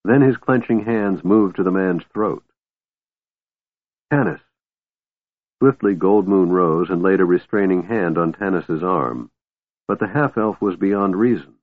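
A man narrates an audiobook at a measured storytelling pace. His voice sits very low. The sound is narrow and phone-like, and completely dry. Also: no echo. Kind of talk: scripted narration. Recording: thin phone-like dry recording.

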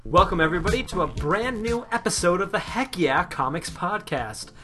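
A man hosting a podcast in casual chat, upbeat and quick to laugh. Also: sits high, expressive, music in the background. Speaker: podcast host.

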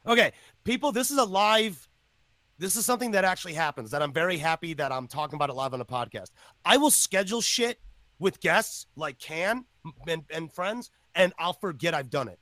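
Male podcast host, excitable and profane, animated highish delivery. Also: brisk, no echo. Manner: loud, excitable, swears a lot. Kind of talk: casual podcast chat.

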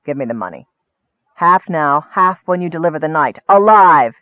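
A man's voice: fairly high pitch, expressive, normal speed, no room sound, close to an everyday voice. Snappish wizard, read by a man. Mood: testy. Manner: snappish, demanding. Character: testy, grudging male wizard. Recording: dry, tinny, narrow-band.

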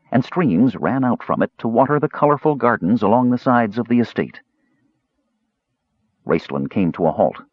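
A man narrating a fantasy audiobook in an expressive storytelling manner. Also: on the low side, husky, no room sound, lo-fi sound.

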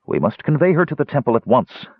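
A man voicing a stern but gentle male cleric with formal, measured speech, on a tinny narrow-band recording. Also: medium pitch, huge pitch swings, husky, dry recording, heavily acted.

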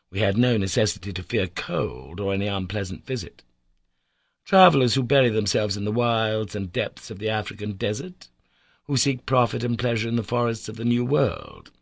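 A man reading a classic adventure novel aloud as an audiobook narrator, measured and storytelling, lifting his voice for emphasis. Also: gravelly, dry recording, clean studio sound. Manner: measured storytelling, lifts pitch and volume for emphasis.

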